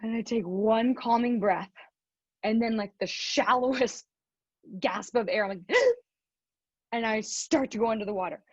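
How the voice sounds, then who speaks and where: A woman with a husky, slightly higher voice tells a story as a motivational speaker, laughing often. The sound is dry and close, with a dull, lo-fi quality. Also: measured pace, long pauses, dry recording. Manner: animated, laughs often while telling the story. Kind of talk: storytelling keynote talk.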